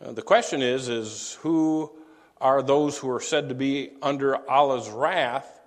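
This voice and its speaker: Slow, halting male preacher in a hall. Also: medium pitch. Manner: halting, many fillers and restarts. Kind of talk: sermon-style teaching.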